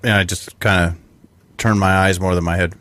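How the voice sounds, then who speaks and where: Give me a man with a very low voice, relaxed, narrating his moves as a player. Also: fairly quick, no room sound. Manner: relaxed, describes actions in first person. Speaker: tabletop game player. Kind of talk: casual game chat.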